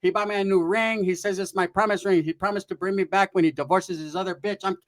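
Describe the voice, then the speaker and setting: A man's voice: sits high, fairly even intonation, fast, lightly acted. A man voicing a brash, foul-mouthed middle-aged aunt who talks bluntly with no filter. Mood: bragging.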